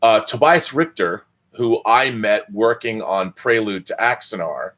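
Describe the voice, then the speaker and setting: A man's voice: lowish voice, measured pace, fairly bright tone. A man hosting a live video chat, asking a guest questions and reading out viewer comments. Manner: conversational, reads viewer comments. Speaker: host.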